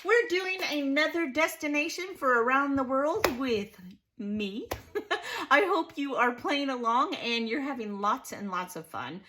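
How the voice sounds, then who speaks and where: A woman's voice: sits high, animated, unhurried, bright, forceful tone, slight background noise. A middle-aged woman hosting a casual scrapbooking vlog, bubbly and laughing often as she chats and tells stories. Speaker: scrapbooking channel host.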